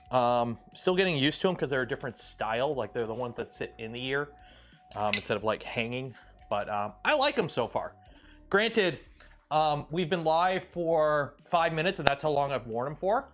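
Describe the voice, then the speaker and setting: Brief: man from Canada, livestream host, lively up-and-down delivery, slightly high voice, loose and jokey. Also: normal speed, soft background music. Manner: rambling and jokey, with many fillers and restarts. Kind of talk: casual livestream chat while building.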